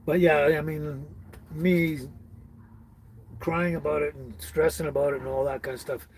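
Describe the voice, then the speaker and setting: A man's voice: a little high, little pitch movement, normal speed, a little mellow, a little hiss or hum, rough recording. A middle-aged man hosting a casual live stream, chatting with viewers by name in a rambling way and laughing often. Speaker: livestream host.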